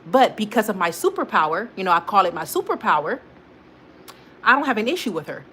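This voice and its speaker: A woman hosts a weekly live check-in stream, rambling animatedly in slang-heavy speech and talking straight to her viewers, with frequent laughs and restarts. Her medium-pitched voice is fairly quick, and a little hiss or hum is audible.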